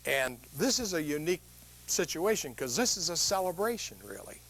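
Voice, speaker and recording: A man's voice: fairly high pitch, moderate pace, vocal fry. An older man giving a humorous motivational talk to a live audience, telling stories and asking the crowd questions. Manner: animated storytelling, quizzes the audience with questions. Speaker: motivational speaker.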